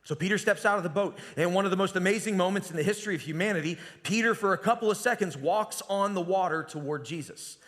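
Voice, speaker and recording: A man giving a sermon as pastor, telling the story conversationally and dropping to a hushed voice at times. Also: sits high, quick pace, hardly any pauses. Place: church sanctuary. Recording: long reverb of a church hall.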